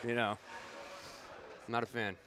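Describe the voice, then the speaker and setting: A man's voice: mid-range voice, little pitch movement, takes it slowly, noisy background. A man doing casual, chatty color commentary at a hockey game, rambling and laughing between plays. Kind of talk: casual broadcast banter.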